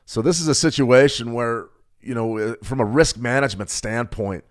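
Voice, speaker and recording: A man talks viewers through trading charts on a live market update. He rambles, stumbles over his words and restarts his sentences, in a voice of ordinary pitch for a man. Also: moderate pace. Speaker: market analyst host.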